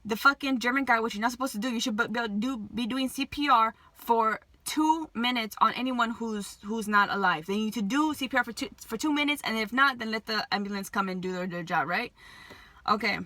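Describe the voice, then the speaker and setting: A woman's voice: fairly high pitch, fairly quick, pushed and bright, no room sound. A woman telling an emotional story to her viewers, agitated, swearing constantly and restarting her sentences. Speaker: vlogger.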